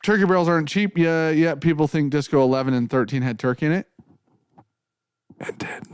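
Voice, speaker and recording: A man's voice: fairly high pitch, fairly even intonation, fast, a little mellow, clear, resonant tone, no room sound, studio quality. A man hosting a casual whiskey tasting, talking in a loose, joking way with plenty of swearing. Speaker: whiskey show host.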